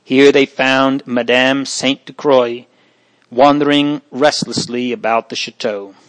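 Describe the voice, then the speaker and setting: A man narrating a storybook in an audiobook reading, with a measured, even delivery. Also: mid-range voice, poor audio.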